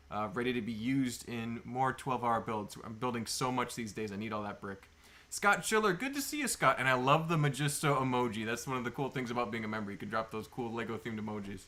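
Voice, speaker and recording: A man's voice: mid-range voice, bright, forceful tone. A man hosting a casual livestream, chatting with viewers and greeting them by name, with lots of fillers. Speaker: livestream host. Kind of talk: casual live chat with viewers. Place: indoors, at a table of sorting bins.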